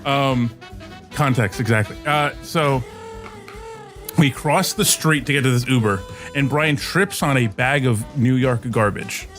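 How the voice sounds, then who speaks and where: A man's voice: mid-range voice, measured pace, a bit bright, soft background music. A man hosting a podcast, telling a rambling story in a casual way, often restarting his sentences and laughing as he goes. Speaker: podcast host.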